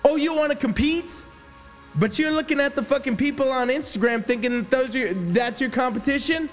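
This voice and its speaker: Profane high-voiced male motivational ranter. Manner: profane, intense and emphatic. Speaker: fitness motivational speaker. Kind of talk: motivational rant. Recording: long reverb with faint music behind.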